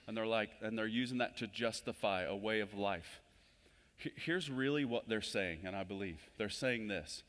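A pastor giving a conversational sermon in a church. His delivery swells louder and higher whenever he stresses a point. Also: moderate pace. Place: church sanctuary. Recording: long hall reverb.

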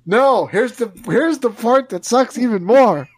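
A man telling an animated story in casual podcast chat, acting out both sides of the exchange in his own voice. His voice sits in a medium range and swings between low, muttered asides and outraged highs. The sound is dry and close to the mic, with no room echo. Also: measured pace.

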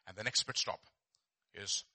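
Preaching at a moderate pace, a male pastor delivers an animated sermon that moves from gentle asides to loud exhortation. He repeats words and asks rhetorical questions.

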